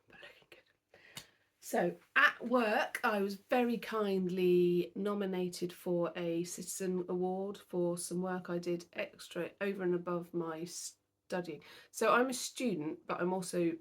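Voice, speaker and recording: Tired, chatty British woman with a husky voice. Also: on the low side. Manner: chatty and self-deprecating. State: tired, yawning. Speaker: cross-stitch vlogger. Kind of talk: casual chat to camera.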